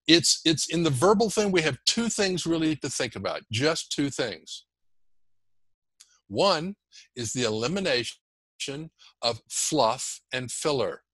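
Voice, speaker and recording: A man guest on a podcast, teaching communication skills in an animated, emphatic, demonstrative way. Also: fairly high pitch, slow pace, no room sound. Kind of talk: energetic podcast interview.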